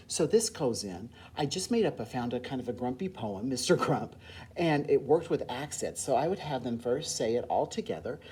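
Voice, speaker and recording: Very low-voiced, animated woman teacher. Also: recorded from a distance. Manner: lively, enthusiastic explaining. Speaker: music teacher. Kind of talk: teaching a workshop.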